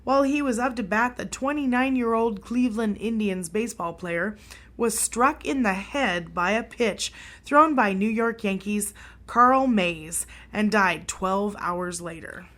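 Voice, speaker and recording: A woman co-hosting a casual history podcast, reading stories and reacting with quick exclamations. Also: medium pitch, a bit bright. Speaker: podcast co-host.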